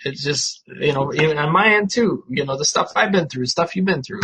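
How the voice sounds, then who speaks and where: A man speaks as a podcast guest in relaxed conversation. His voice sits a little high and sounds husky, and his manner is easygoing and supportive. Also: a little fast, rough recording. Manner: supportive, easygoing, laughs along. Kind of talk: casual chat.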